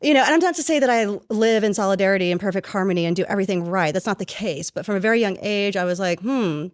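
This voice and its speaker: A woman in her forties with a Texan accent, an animated, outspoken podcast guest chatting casually. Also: medium pitch, fast, dry recording. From Texas, USA. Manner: animated, outspoken, laughs easily. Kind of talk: casual chat.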